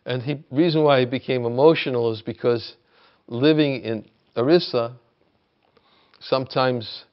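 Gravelly slow-speaking man teacher. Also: medium pitch, dull audio. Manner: halting, restarts often, grows emphatic when retelling. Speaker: spiritual teacher. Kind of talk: reflective spoken talk. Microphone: video call.

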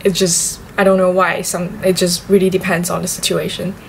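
A woman's voice: lowish voice, flat delivery, moderate pace, gravelly, a little hiss or hum. Chatty young Chinese-accented woman vlogging. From southern China. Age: young adult. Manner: chatty, repeats words for emphasis. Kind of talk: casual vlog chat.

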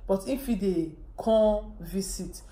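Mellow-voiced woman telling a story in Pidgin. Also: mid-range voice, slow pace, echoey room. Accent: Nigerian Pidgin. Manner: retells a story with quoted dialogue. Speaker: vlogger. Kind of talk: casual storytelling.

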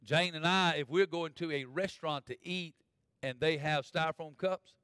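A man preaching a sermon as pastor, folksy, swinging from loud preaching to quiet asides. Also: a little high, moderate pace, smooth, dry recording. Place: church.

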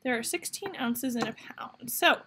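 Woman, math teacher, encouraging, high voice, faint background noise. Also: normal speed. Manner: upbeat, encouraging, talks to students directly. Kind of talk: video math lesson for kids. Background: toddler babbling nearby.

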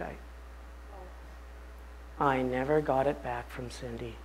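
A man, a pastor, telling a personal story during a bible study talk in an animated, anecdotal way. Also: medium pitch, a little slow, vocal fry, poor audio.

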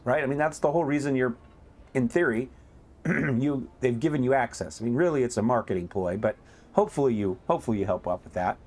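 A man's voice: mid-range voice, a little mellow. A man hosting a gameplay video, talking casually and rambling, often stopping to correct himself. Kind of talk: let's play commentary.

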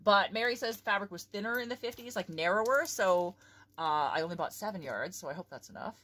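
A woman's voice: medium pitch, animated, brisk, bright, forceful tone. A woman chatting casually about sewing in a vlog, profane and self-mocking. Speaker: sewing vlogger.

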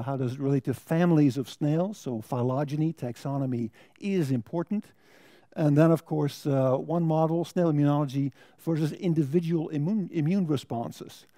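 A middle-aged man with an American accent giving a measured academic lecture as a guest speaker, thoughtful and with dry humor. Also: a little high, warm tone, no room sound.

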